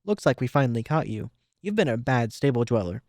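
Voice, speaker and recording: A man's voice: medium pitch, expressive, quick pace, a little mellow, dry recording, studio quality, close to an everyday voice. A man voicing a cruel, bossy female griffin captain who talks cold and commanding.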